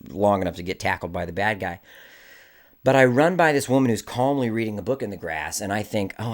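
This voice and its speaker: A man, an indie filmmaker, telling a story to camera in a casual, animated way. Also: sits low, creaky. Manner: animated, acts out the people in his story.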